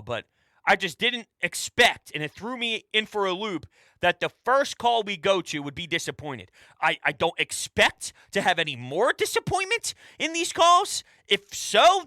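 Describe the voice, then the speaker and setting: A man hosting a sports talk show, ranting emphatically and swinging between shouted hype and quiet asides. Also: high-pitched, no echo. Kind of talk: fired-up sports radio rant.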